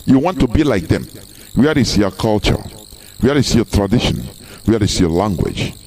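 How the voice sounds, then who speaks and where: A man's voice: fairly low pitch, animated, normal speed, darkish tone, slight background noise. A man with a Nigerian Igbo accent giving a live broadcast speech, emphatic and full of repeated rhetorical questions. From southeastern Nigeria. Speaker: activist broadcaster.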